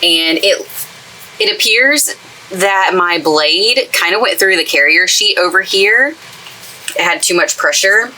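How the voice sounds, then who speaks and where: Bright, chatty woman. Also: lowish voice, expressive, a little slow, low-quality recording. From East Texas. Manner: chatty, gushing and enthusiastic. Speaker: craft channel host. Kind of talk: casual craft tutorial chat. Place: craft space in a camper trailer.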